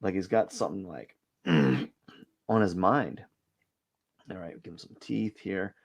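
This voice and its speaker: A man with a low, gravelly voice talks casually to his live-stream viewers while he draws. He thinks out loud in a rambling, hesitant way and often second-guesses himself. He is quick to call his own work rough. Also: lively intonation. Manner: rambling, hesitant, self-questioning; self-deprecating about his work. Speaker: artist hosting a drawing live stream. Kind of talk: casual thinking-aloud commentary while sketching.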